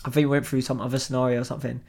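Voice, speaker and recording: A young man telling a story on a podcast in an animated, swearing way. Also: mid-range voice, very fast, vocal fry, husky. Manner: animated, swears freely, acts out voices. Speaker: podcast co-host. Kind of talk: casual storytelling chat.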